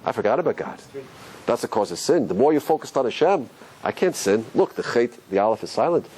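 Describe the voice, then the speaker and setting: In a low-quality clip with slight hiss or hum, a rabbi delivers a lively classroom lecture on religion at a fairly quick pace. He questions his listeners animatedly, his pitch swinging up and down while he explains.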